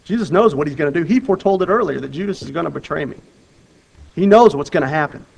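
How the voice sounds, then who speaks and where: A man preaching in an earnest, conversational manner, his voice sitting a little high for a man. He often circles back and restarts his phrases. His delivery swings between loud bursts of urgency and soft, quiet emphasis. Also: animated, fast, gravelly, husky, poor audio. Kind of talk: sermon with Bible reading.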